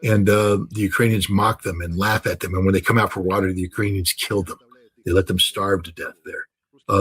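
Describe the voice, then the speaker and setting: Older man, interview guest, husky low voice, emphatic, repetitive. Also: fairly bright tone, rough recording. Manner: emphatic, repeats phrases for stress, fillers and restarts. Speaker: interview guest, military commentator. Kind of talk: unscripted interview talk.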